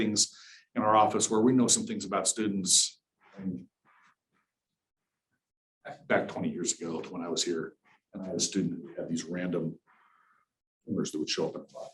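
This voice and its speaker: A middle-aged man who directs a university accessibility office gives a workshop presentation, speaking candidly and conversationally with dry, dark humor. His voice is fairly low, the sound is roomy, and the recording quality is rough.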